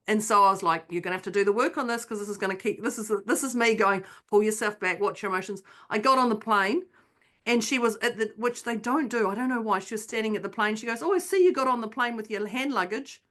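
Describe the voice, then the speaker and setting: Co-hosting a podcast, a woman shares a personal story in casual conversation, speaking quickly in a slightly high voice. She brings it to life by acting out what she and the others said.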